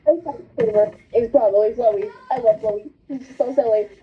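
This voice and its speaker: A woman's voice: fairly high pitch, unhurried, husky. A woman hosting a casual chat, bubbly and rambling. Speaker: host. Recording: tinny phone-like line.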